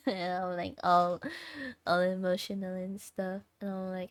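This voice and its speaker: A woman's voice: mid-range voice, steady tone, a little slow, long pauses, dry recording. A tired young woman livestreamer chatting casually with her viewers and laughing often. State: tired, sleep deprived.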